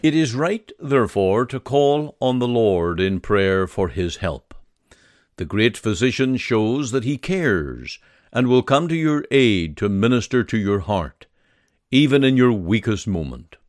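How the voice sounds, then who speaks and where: A man giving a devotional sermon, reading scripture and leading a prayer in a slow, earnest, measured way. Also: mid-range voice, sing-song, no echo, clean studio sound. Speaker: preacher.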